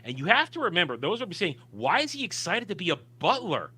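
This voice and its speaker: Man, co-host, casual film discussion, emphatic and opinionated, bright tense voice. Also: sits high, huge pitch swings, quick pace, slightly rough. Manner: emphatic, opinionated, frequent restarts. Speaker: podcast co-host.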